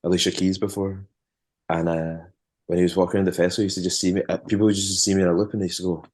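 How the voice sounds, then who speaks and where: A Scottish man with a very low voice spins loose, rambling tales in a relaxed interview. He stumbles and restarts often, and chuckles now and then while he talks. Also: rapid-fire. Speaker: musician and former tour manager. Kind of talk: casual interview storytelling.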